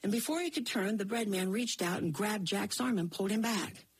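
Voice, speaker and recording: A woman storyteller telling a folktale aloud, animated, with rhythmic repeats and spoken sound effects. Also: mid-range voice, brisk, breathy edge.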